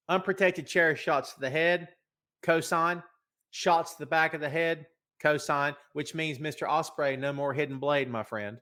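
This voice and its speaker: A man's voice: a little high, a little slow, pushed and bright. A middle-aged man hosting a wrestling podcast, rambling and joking in casual chat while fighting a head cold. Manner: rambling, joking, talks to a co-host. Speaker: podcast host.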